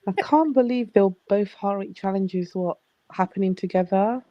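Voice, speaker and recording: A woman's voice: mid-range voice, normal speed, no room sound, highs cut off. A woman joining a live chat as a caller, sounding frustrated and emphatic. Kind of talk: casual call-in chat.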